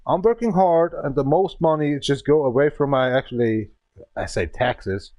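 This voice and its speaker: On a casual game stream, a man from Germany in his thirties vents and curses in broken English with a German accent, German being his native language. He speaks at a normal speed in a medium-pitched, slightly mellow voice, with a dry sound and no room echo.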